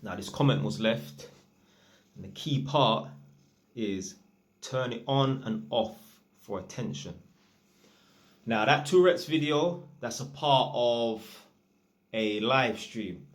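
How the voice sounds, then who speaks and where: A man's voice: mid-range voice, slow, pauses often. A man, an electrician, telling a work story in a chatty, rambling, slang-heavy way. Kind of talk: casual storytime monologue.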